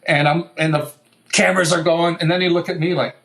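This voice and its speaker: A middle-aged guitar maker, a man, telling lively stories in an interview, acting out what others said and laughing often. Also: fairly high pitch, fairly quick, slight background noise, rough recording. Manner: animated anecdotal telling, acts out quoted voices, laughs often. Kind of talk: storytelling interview.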